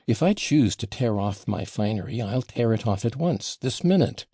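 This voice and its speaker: A man's voice: lowish voice, expressive, a little slow, vocal fry, mellow, husky, dry recording, studio quality, heavily acted. A man reading an audiobook voices a passionate, wounded young woman, talking in a raised, emotional way that swings from tender to scornful. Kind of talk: audiobook character voicing.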